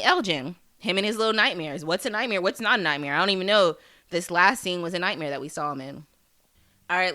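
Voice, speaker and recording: This woman hosts a podcast and has a fairly low, bright voice with a forceful tone. She recaps a TV episode in a loose, rambling way, full of fillers and restarts, and swears for emphasis.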